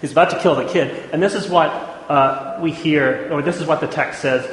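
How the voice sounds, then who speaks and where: In an echoey hall with faint room noise, a male lecturer speaks at a moderate pace in a fairly high voice. His informal class talk is chatty, punctuated often by "right?"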